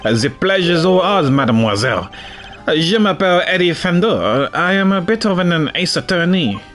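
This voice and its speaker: A man's voice: high-pitched, animated, brisk, fairly bright tone, soft background music. A man voicing a smarmy, flirtatious male defense attorney in game dialogue.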